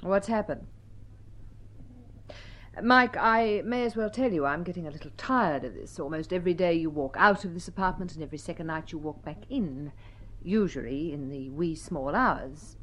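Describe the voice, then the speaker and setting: A sharp-tongued wife at the end of her patience speaks in a vintage radio play. Her slightly low voice carries a cutting, sarcastic edge. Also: lively intonation, moderate pace. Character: sharp-tongued, fed-up wife, young adult. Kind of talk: vintage radio drama acting.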